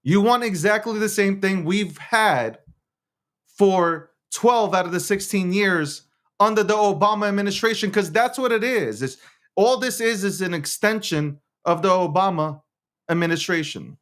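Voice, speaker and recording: A man's voice: high-pitched, normal speed, a bit bright. A man hosting a show, talking in a casual political rant, swearing, laughing often and restarting his words. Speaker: show host.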